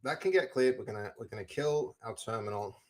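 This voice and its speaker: A man's voice: medium pitch, brisk, darkish tone. Rambling male streamer talking to chat. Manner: rambling, talks to chat, lots of restarts. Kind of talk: casual live-stream chat while coding.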